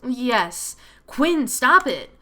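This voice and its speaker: A woman voicing a cheerful, loud older brother in a visual novel who teases and protects his sibling. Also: sing-song, drawn-out words, heavily acted. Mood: boisterous. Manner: booming, teasing, protective. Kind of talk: reading a visual novel aloud.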